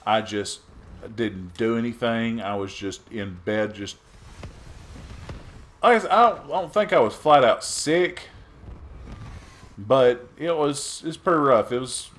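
Middle-aged Texan man, casual gameplay commentator, rambling and chatty with loud bursts, average pitch. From Texas. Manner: chatty and rambling, with sudden loud outbursts and trash talk at opponents. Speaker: gaming YouTuber.

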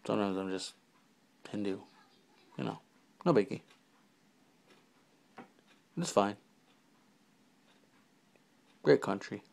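A man's voice: on the low side, expressive, slow, creaky, pauses often, darkish tone. A man vlogging alone to his camera, rambling playfully, drifting into whispers and joking about his attempts at other accents. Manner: silly, slips into mock accents and whispers. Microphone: handheld camera.

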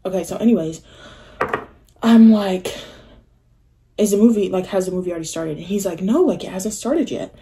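A young woman telling a story on her vlog in a casual, animated way, full of fillers and acted-out quotes. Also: medium pitch, normal speed, long pauses, background noise. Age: young adult. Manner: animated, filler-heavy, acts out quoted voices. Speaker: vlogger.

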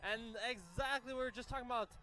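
A man giving live play-by-play commentary on a youth soccer match, brisk and correcting himself on names as play moves. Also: very high-pitched, sharp tone, faint music behind.

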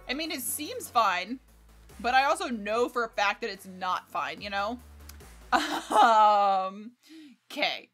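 A young American woman streaming a game in casual chat, excitable, swearing freely and laughing often. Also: on the high side. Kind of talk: casual livestream gameplay chat. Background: faint game music.

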